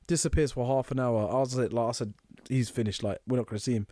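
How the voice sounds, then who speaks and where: A man co-hosting a podcast, telling animated stories and laughing often. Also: medium pitch, fast talker, dry recording, clean studio sound. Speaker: podcast co-host. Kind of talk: casual chat.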